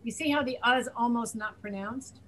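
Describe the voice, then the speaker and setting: A woman's voice: fairly high pitch, fairly bright tone, poor audio. Woman teaching pronunciation on a video call. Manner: patient, demonstrating sounds slowly and repeating them. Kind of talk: online class teaching.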